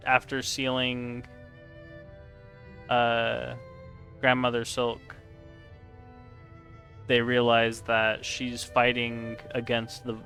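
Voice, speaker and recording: A man's voice: medium pitch, sharp tone. A man chatting casually while live-streaming a game, answering chat and laughing often.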